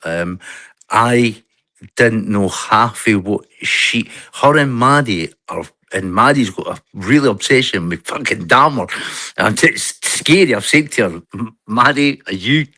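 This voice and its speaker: A man's voice: fairly low pitch, animated, a little slow, pushed and bright, no echo. Rambling man with a cold. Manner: rambling, restarts and trails off mid-sentence. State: has a cold with a cough. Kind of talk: casual chat.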